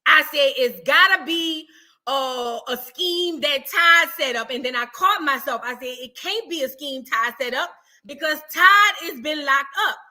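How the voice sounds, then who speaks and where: A woman hosts a live stream in a loose, chatty way, reading out viewers' comments as she goes. Her voice sits high and sounds bright and forward. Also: measured pace. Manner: animated, chatty, reads viewer comments aloud. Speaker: livestream gossip host. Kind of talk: casual live-stream chat.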